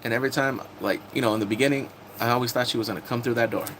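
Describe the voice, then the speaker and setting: A man chatting casually on a live stream, recapping TV episodes and greeting viewers, laughing and animated. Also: medium pitch, rapid-fire, slight background noise.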